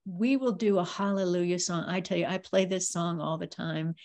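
A woman hosting a casual preaching stream, talking in a loose, conversational way and filling her pauses with little phrases. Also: fairly low pitch, steady tone, a little mellow. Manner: conversational, drawn-out, leans on filler phrases. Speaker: ministry host.

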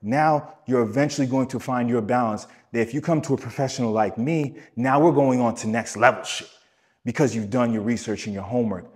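A man coaching listeners on wellness in a podcast, with a voice of middle pitch. He talks emphatically, repeats his main points and addresses the listener directly. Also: brisk, darkish tone. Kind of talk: podcast teaching talk.

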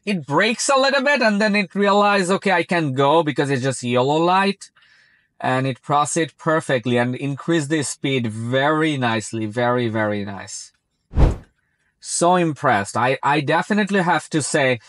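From inside a moving car comes a slightly high, fairly bright male voice, recorded dry. He speaks English as a second language and chats casually about the car driving itself, repeating "very" and "like" often.

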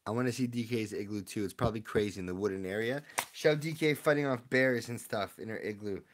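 Excitable man chatting on a live stream. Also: fairly low pitch, quick pace. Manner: excitable, chatty, talks to viewers. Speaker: streamer opening card packs. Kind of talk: casual live-stream chat.

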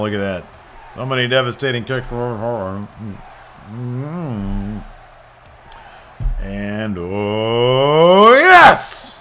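A man hosting a gaming channel, giving excited play-by-play over a wrestling game with loud exclamations and quiet mutters. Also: lowish voice.

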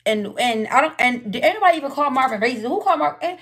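A woman hosting a live stream, talking in a loud, profane, rapid-fire way in a heated casual chat. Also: sits high, animated, slightly rough.

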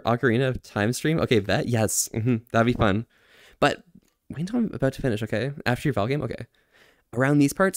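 A man's voice: medium pitch, dry recording, clean studio sound. Man chatting on a livestream. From Canada. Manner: laughs often, halting attempts at French. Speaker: streamer. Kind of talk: casual livestream chat reading viewer messages.

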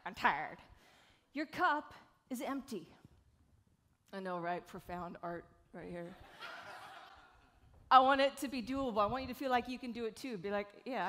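A woman delivers a live keynote to an audience. She is lively and frank, joking and casually swearing. Her voice sits somewhat high. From South Carolina, USA. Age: 40s. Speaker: keynote speaker and live speed painter. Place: event stage before an audience.

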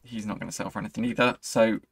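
A man's voice: fairly low pitch, fairly even intonation, fast talker, creaky, slightly rough, no echo. A young man commentating his own football video game match, swinging between hype and frustration. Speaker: gaming channel host. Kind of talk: live gameplay commentary.

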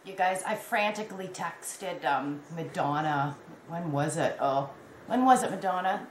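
A woman's voice: lowish voice, unhurried. Chatty woman vlogging in an echoey room. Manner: animated storytelling, laughs at herself. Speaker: crochet vlogger. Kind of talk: casual chatty vlog. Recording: echoey room with faint background noise.

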